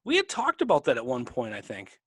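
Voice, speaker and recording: A man's voice: mid-range voice, wildly swooping pitch, fairly quick, a bit bright, slightly rough, no echo, studio quality. Rambling man co-hosting a podcast. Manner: rambling, restarts often. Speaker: podcast co-host. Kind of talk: casual chat.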